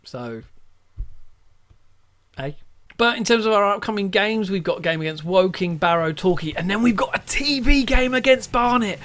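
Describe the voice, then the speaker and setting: Excitable young-sounding man commentating gameplay. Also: high-pitched, normal speed, faint music behind. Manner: chatty, rambling, breaks into excited shouts at near-goals. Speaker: let's play host. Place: at home at a desk.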